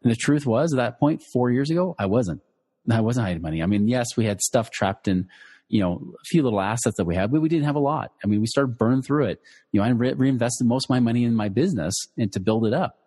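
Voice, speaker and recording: A man's voice: mid-range voice, animated, quick pace, mellow, breathy edge, long reverb tail. A middle-aged man who teaches personal finance, telling listeners a personal story in a loose conversational way, full of fillers and restarts. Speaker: financial educator.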